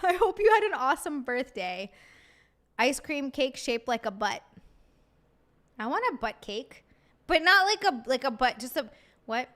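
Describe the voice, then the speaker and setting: A woman's voice: high-pitched, bright, forceful tone. A woman streamer chatting casually with her viewers while eating, often giggling. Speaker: live streamer. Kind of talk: casual live-stream chat.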